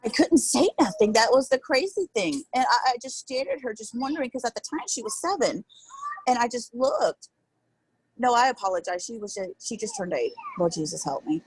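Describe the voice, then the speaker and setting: A woman's voice: a little high, very animated, normal speed, husky, rough recording. Earnest woman telling a personal story. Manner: emotional, earnest, rambling with fillers. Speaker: interview guest.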